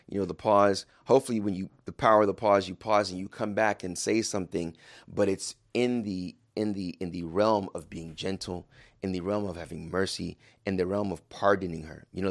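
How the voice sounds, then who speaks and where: A man giving a religious talk to husbands, speaking calmly and measuredly, acting out quotes with energy and reciting Arabic quickly. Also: low voice, no echo, clean studio sound. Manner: calm, measured, with lively acted-out quotes. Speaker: Muslim speaker advising husbands. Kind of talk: religious talk to a male audience.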